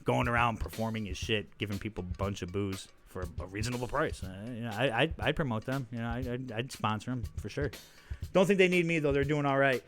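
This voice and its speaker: A man's voice: mid-range voice, fairly quick, a bit bright, soft background music. A man hosting his own podcast in a casual comedic monologue, rambling, self-mocking and full of profanity. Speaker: podcast host.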